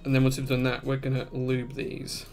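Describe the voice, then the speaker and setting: A man's voice: medium pitch, completely flat delivery, moderate pace, over music. A man, hosting a live stream where he walks through a build step by step and answers chat. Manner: methodical step-by-step explaining, reading chat aloud.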